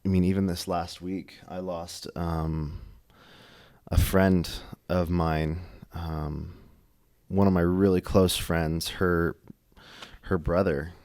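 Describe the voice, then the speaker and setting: A young man co-hosting a church podcast, talking in a casual, halting way full of fillers and restarts. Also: sits low, flat delivery, a little mellow. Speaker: podcast co-host. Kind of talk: casual faith discussion.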